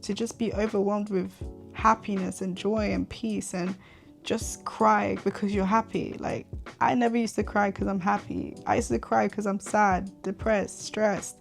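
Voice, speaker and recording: A woman's voice: mid-range voice, gravelly. A young woman in her twenties hosting a faith podcast, speaking earnestly and candidly and often repeating herself for emphasis. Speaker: podcast host.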